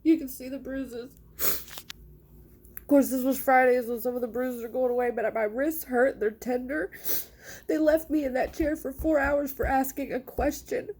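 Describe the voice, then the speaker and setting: A mother recounts her own experience in a fast, emphatic, indignant way. Her woman's voice sits a little high and presses every point with frustration. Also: fairly even intonation, darkish tone, breathy edge. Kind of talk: personal account to camera.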